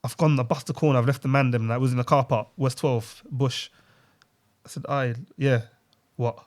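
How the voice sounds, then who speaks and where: A young man with a medium-pitched voice speaks at a moderate pace as a podcast co-host, telling a personal story in casual chat. His delivery is animated and packed with London slang, and he acts out the quotes.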